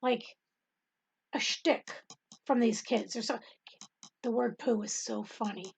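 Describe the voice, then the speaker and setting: A woman's voice: a little high, fairly even intonation, slow pace, gravelly, slight background noise. A middle-aged woman telling a rambling testimony in casual talk, with many ums and frequent laughter. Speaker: Bible study host and teacher.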